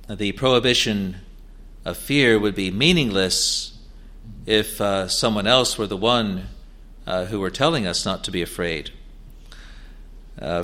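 A man preaching a sermon in an earnest, halting way, with many fillers and restarts, rising to emphatic declarations. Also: fairly low pitch, sharp tone.

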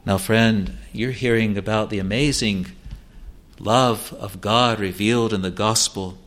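A male preacher delivering a sermon at a slow, deliberate pace. He pleads earnestly, rising to loud urging and dropping to hushed, low asides. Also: steady tone.

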